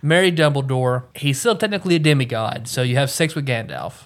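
A man's voice: mid-range voice, expressive, brisk. Male podcast co-host, casual, crude humor. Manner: bawdy jokes, laughs easily. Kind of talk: casual chat.

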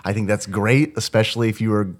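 A man's voice: lowish voice, fast. Male podcast host, casual and joking, reads listener messages. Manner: jokey, reads listener texts, laughs often. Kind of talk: casual chat.

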